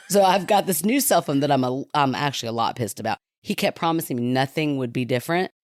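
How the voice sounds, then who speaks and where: A woman with a Kentucky accent, co-hosting a podcast and telling a story in lively, laughing chat, acting out quotes. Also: sits low, fairly quick, no echo, clean studio sound. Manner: animated, laughing, acts out quotes. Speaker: podcast co-host.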